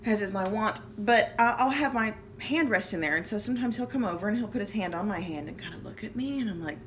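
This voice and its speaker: A woman vlogger rambling candidly at home about family life, chatty and self-deprecating with quick jokes, recorded on a hand-held phone. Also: mid-range voice, a little hiss or hum. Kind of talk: casual personal rambling vlog. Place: at home, seated. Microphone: phone camera held in hand.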